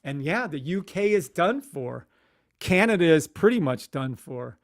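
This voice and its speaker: A man's voice: fairly high pitch, very animated, unhurried. A man hosting a casual live stream, ranting animatedly with swearing and muttering to himself at his computer. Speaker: livestream host.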